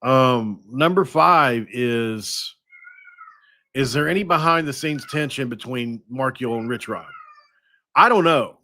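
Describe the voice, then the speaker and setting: A man hosting a sports podcast, talking casually and thinking out loud with frequent restarts. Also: medium pitch, a little slow, slight background noise. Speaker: podcast host.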